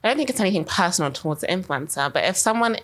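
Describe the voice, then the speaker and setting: On a marketing podcast she co-hosts, a young woman with a lowish voice races along in an animated way. She chats casually, wanders off topic, and fills every gap with "like."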